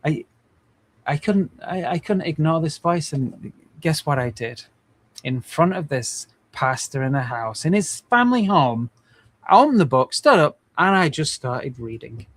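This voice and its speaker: Brief: male in his forties, earnest livestream host, slightly high voice, rambling delivery. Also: very animated, measured pace, a bit bright. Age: 40s. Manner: earnest, rambling, many restarts. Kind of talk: casual livestream talk.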